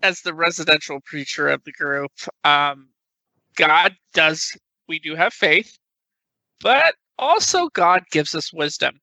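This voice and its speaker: A man's voice: a little high, expressive, slow pace, vocal fry, bright, forceful tone, no echo, low-quality recording. A man in a casual podcast conversation, telling a folksy tale in an easygoing way. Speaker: podcast co-host. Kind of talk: casual chat, storytelling.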